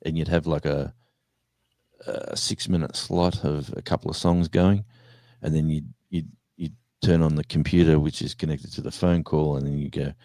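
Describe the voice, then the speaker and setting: A man's voice: extremely low pitch, steady tone, normal speed, mellow, no echo. A man, a former radio host, chatting casually on a live stream and rambling through anecdotes. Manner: rambling storyteller, acts out voices in anecdotes, chuckles.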